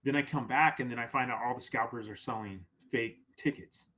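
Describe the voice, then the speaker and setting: A man in a casual podcast chat, spinning a long anecdote. He acts out the people he quotes and keeps checking in with "right?". His voice sits in a middle pitch. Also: fairly quick, pushed and bright. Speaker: podcast guest. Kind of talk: casual storytelling.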